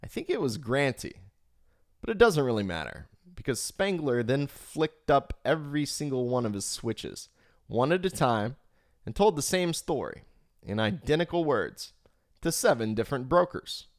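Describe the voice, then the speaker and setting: A man reading an audiobook aloud expressively, swinging his pitch for emphasis, on a home microphone. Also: very animated, moderate pace, dry recording, clean studio sound. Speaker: audiobook reader. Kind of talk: audiobook narration. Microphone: home microphone, live stream.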